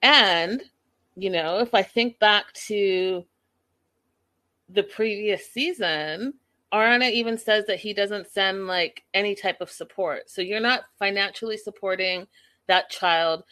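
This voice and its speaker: A woman's voice: mid-range voice, a little slow, sharp tone. A woman casually recapping a reality show episode, chatty and opinionated, peppered with "like" and "you know".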